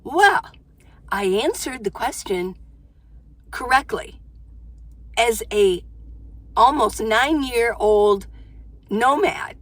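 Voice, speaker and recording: A woman's voice: a little high, expressive, very slow, pauses often, a bit bright, no room sound. Chatty older woman vlogging. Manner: chatty, self-interrupting, exclamatory. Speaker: van life vlogger. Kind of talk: casual chat to camera. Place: inside her minivan.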